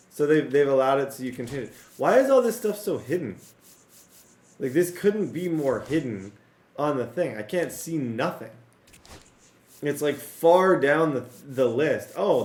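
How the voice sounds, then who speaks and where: Excitable male game commentator with a strained, cracking voice and mid pitch; roomy sound. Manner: excitable, talks to viewers, rattles off player names. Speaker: gaming YouTuber. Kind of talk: casual gameplay commentary.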